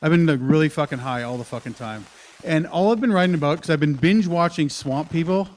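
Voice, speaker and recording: A man's voice: on the high side, a little fast, a little mellow. A man doing a live stand-up set in a comedy club, telling a rambling, profane story with lots of swearing.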